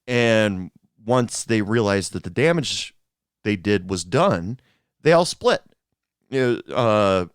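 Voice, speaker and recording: A man's voice: on the low side, clean tone, no room sound, clean studio sound. A man hosting a show and telling bar stories in a rambling, casual monologue full of fillers and restarts. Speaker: podcast host, former bartender.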